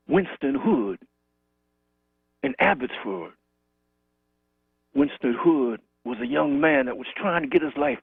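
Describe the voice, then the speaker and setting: Phoning a talk show, a man remembers his friend, telling the story in a repetitive, rhythmic way. His mid-range voice is creaky with a breathy edge, with no echo over the tinny phone connection.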